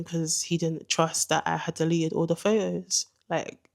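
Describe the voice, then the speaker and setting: A young woman telling a dramatic story in an animated, slangy way. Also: fairly low pitch, unhurried, creaky. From England. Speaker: vlogger. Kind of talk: storytime narration.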